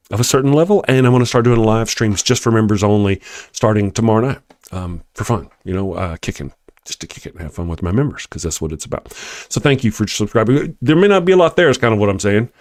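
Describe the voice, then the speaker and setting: Texan male streamer, casual and joking, expressive pitch, dry room. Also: no room sound. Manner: chatty, laughs often, joking asides. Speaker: livestream host. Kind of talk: casual livestream chat reading comments.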